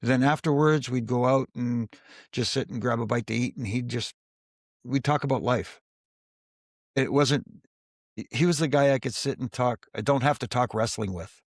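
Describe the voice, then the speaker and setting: A man's voice: mid-range voice, moderate pace, dry recording, clean studio sound. A man, a former wrestling referee, telling casual backstage stories in an interview and acting out the dialogue. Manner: storyteller who acts out quoted dialogue in his tales. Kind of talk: casual anecdotal storytelling.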